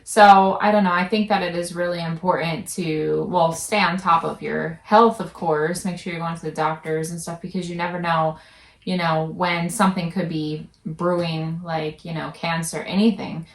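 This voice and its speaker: A woman host chatting in a rambling, halting, reflective way. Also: fairly low pitch, steady tone. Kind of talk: casual chat. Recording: roomy, distant mic.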